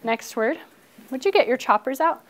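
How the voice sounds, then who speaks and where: A woman teacher running a phonics lesson in a classroom, brisk and encouraging, calling out words and praising pupils, sometimes dropping to a hushed whisper for one child. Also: high voice, animated, noisy background.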